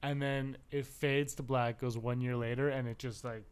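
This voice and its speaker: Smooth-voiced man, joking and laughing. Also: medium pitch, moderate pace. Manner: joking, laughs often, animated. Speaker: podcast co-host. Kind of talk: casual podcast chat.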